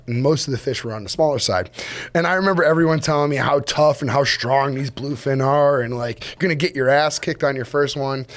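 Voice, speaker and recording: A man, a fishing captain guest on a podcast, telling a story casually, laughing often and acting out quotes in a higher voice. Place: podcast studio.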